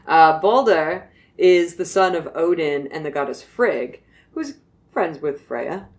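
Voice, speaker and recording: A woman's voice: deep voice, expressive, slow. A woman host retelling old myths in casual chat, joking and dropping into silly quoted voices.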